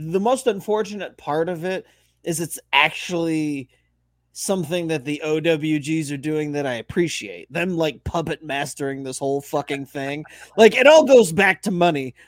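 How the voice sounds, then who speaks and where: A man's voice: fairly high pitch, normal speed, no echo. A man co-hosting a sports podcast, musing in a rambling, profane, sarcastic way. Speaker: podcast co-host. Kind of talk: casual sports podcast banter.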